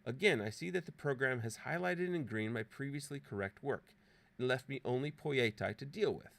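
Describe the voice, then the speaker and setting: A man's voice: mid-range voice, expressive, normal speed, gravelly, a bit bright. A man presenting an app walkthrough as a scripted, playfully dramatic voice-over narration with theatrical exclamations. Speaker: presenter demonstrating a teaching app.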